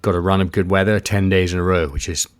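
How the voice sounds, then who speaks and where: A man's voice: low-pitched, steady tone, fast talker, smooth, dry recording. A man being interviewed about a sea kayaking expedition, telling it casually with many fillers and restarts.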